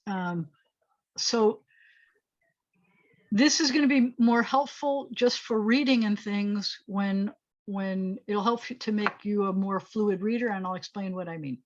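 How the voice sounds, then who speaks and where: Woman rabbi at mid pitch, teaching Hebrew over a muffled video call, chatty and self-correcting as she writes. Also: a little slow. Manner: thinks aloud while writing, self-correcting, chatty asides. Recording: slightly dull video call audio.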